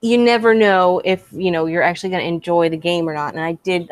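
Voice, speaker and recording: A woman co-hosting a relaxed gaming talk, chatty and quick to laugh. She swears casually throughout, and the sound is dry and close with no room behind it. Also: lowish voice, no echo. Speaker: podcast co-host. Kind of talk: casual chat.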